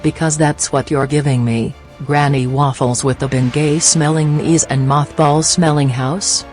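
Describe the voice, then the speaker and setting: A woman's voice: deep voice, fairly even intonation, measured pace, a little mellow, faint music behind. A woman host giving blunt, mocking commentary in a sarcastic, insulting way.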